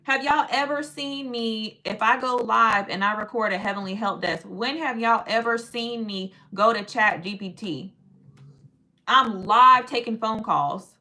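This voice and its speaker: A woman hosting a casual livestream, talking in an animated, sassy, teasing way. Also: fairly high pitch, a little slow. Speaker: livestream host.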